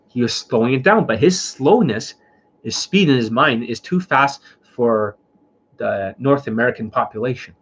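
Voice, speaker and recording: A dating coach with a husky, medium-pitched voice rants bluntly in a casual livestream, swearing and repeating his points as he lectures. The sound is lo-fi.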